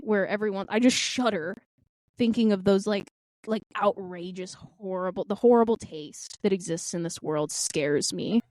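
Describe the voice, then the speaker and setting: A woman in her twenties co-hosts a podcast in casual chat, telling stories with intense, dramatic passion and acting out quotes. Her mid-range voice is a little mellow, at a moderate pace, with no echo.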